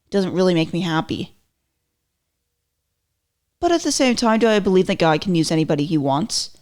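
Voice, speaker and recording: A woman hosts her own podcast in a loose, rambling commentary, full of "like"s and self-corrections. Her voice sits a little low for a woman. She jumps between playful asides and mock-indignant quotes. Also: lively intonation, moderate pace, a little mellow. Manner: chatty, rambling, self-interrupting with lots of "like". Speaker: podcast host. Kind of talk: casual solo commentary.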